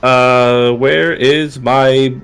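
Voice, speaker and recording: A man's voice: mid-range voice, fairly even intonation, extremely slow, fairly bright tone, clean tone, faint music behind. Hesitant young man playing a tabletop game. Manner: hesitant, laughs at himself. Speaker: player. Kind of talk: casual tabletop game chat.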